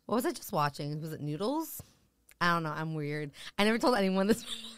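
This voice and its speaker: A woman's voice: on the low side, big pitch swings, brisk, clear, resonant tone, dry recording. A tipsy woman in a casual podcast chat, a comedian guest who giggles often and trails off mid-sentence. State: tipsy from drinking.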